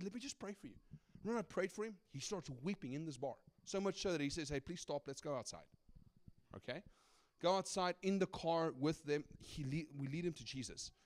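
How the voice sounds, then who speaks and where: Here a guest preacher, a middle-aged South African man, talks fairly quickly in a high voice. His sermon weaves in personal stories with animated, conversational energy and a habit of asking "right?".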